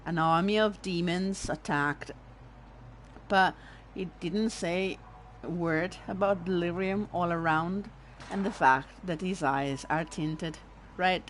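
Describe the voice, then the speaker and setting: A woman's voice: lowish voice, slow pace, slight background noise. A young woman with an Italian accent, host of a let's play, commenting on a game in an emotional, rambling way and swearing. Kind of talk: casual gameplay commentary.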